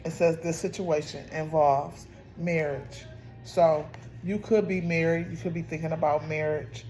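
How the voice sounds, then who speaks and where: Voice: mid-range voice, fairly even intonation, unhurried, darkish tone, faint music behind. A tarot reader giving a casual spoken reading, often repeating and restarting phrases while speaking straight to the listeners. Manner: repetitive, restarts phrases, addresses listeners directly.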